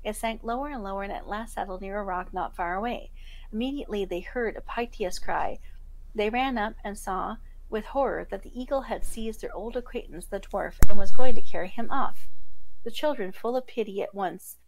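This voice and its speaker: A woman podcast host reading a fairytale aloud in a steady storybook manner. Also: medium pitch, brisk, a little hiss or hum, low-quality recording. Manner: steady storybook narration with self-corrections.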